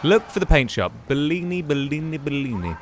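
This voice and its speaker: Lively man narrating his gameplay. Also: fairly high pitch, fairly quick, slight background noise. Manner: chatty, exclaims and muses aloud while playing. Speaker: gaming YouTuber. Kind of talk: casual gameplay commentary.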